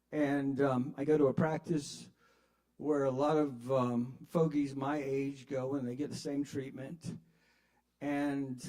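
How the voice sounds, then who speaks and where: A middle-aged man doing self-deprecating, profane stand-up comedy at an open mic on a live bar stage, talking with halting restarts. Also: mid-range voice, dark tone.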